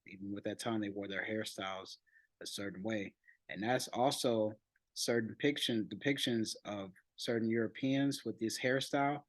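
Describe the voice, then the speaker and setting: A man hosting a channel, reading an online article aloud and adding his own comments, unhurried, with frequent restarts and fillers. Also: fairly low pitch, dry recording, rough recording. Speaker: channel host.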